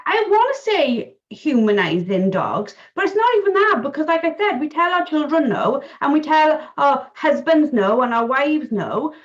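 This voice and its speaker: A woman's voice: high-pitched, muffled recording. Chatty woman hosting a dog podcast. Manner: chatty, acts out little quoted scenes. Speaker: podcast host. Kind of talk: casual podcast chat.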